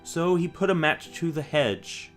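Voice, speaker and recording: A man reading a rhyming children's book aloud with a rhythmic, expressive delivery. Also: a little high, a little slow, faint music behind. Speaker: storyteller.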